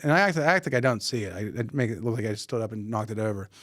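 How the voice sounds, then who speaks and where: A podcast host with a fairly low voice races through an animated anecdote, casually acting out quoted dialogue and frequently restarting his sentences. The sound is clean studio audio with no room sound.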